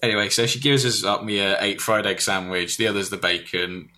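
A man telling a rambling comic story on a podcast, jumping into loud put-on voices for the people in it. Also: lowish voice, a little fast. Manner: animated, shouts and squeals when quoting others.

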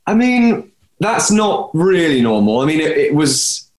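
A man's voice: a little high, big pitch swings, unhurried. A young actor talking about his career in a podcast interview, rambling and correcting himself as he goes. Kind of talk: conversational interview. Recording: roomy echo.

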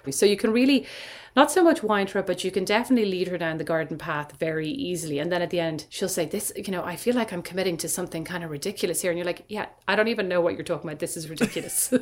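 A young adult woman talking as a podcast guest, telling family stories in an animated way and laughing often. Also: fairly low pitch, fast, few pauses. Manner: animated storytelling with frequent laughter. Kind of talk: casual chat.

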